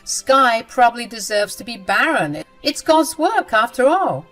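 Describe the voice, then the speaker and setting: A woman's voice: a little high, big pitch swings, a little slow, a bit bright, soft background music, voice pushed up, low-quality recording. A woman voicing a cruel, smug young sister-in-law who talks down to everyone in a self-righteous way.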